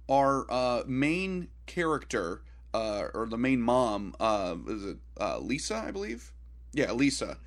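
A man from Florida co-hosting a casual film review podcast, animated and critical, with plenty of "like" fillers. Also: medium pitch.

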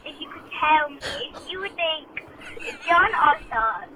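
A child putting on a British accent to play a sweet little prank caller. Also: female voice, high voice, lively intonation, unhurried, bright, forceful tone, a little hiss or hum, exaggerated voice, poor audio. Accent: British, put on.

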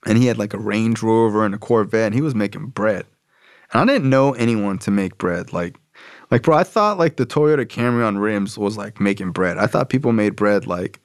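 A man's voice: fairly low pitch, gravelly, no room sound, studio quality. A young adult man telling a personal story in casual, slangy talk, acting out the people he quotes. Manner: slangy, animated, acts out quoted voices.

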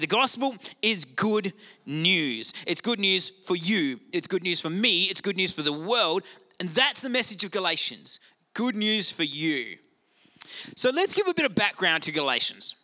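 A middle-aged male pastor preaching a sermon in an animated, conversational way with self-deprecating asides. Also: sits high.

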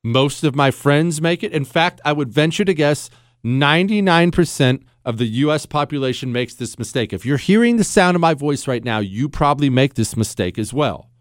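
A man's voice: on the high side, animated, normal speed, dry recording, studio quality. A man hosting a talk radio show, ranting in an opinionated monologue with sarcastic, mocking asides.

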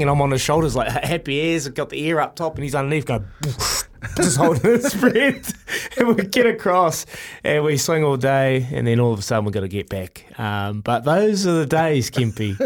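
A New Zealand man co-hosting a breakfast radio show in a studio, telling relaxed childhood stories with fillers and laughs. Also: mid-range voice. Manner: laid-back storytelling with frequent laughs and fillers. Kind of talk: casual radio banter.

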